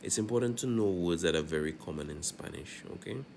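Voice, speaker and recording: Male language teacher, low voice, patient classroom explainer, faint hiss behind. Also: fairly quick, vocal fry, a little mellow. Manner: checks in often with "all right?", repeats examples. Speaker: Spanish teacher. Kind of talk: classroom grammar lesson.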